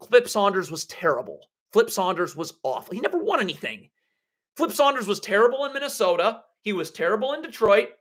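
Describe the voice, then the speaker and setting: High-pitched guy ranting live at home, blunt and sarcastic. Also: a bit bright. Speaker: basketball livestream host. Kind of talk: live draft reaction stream.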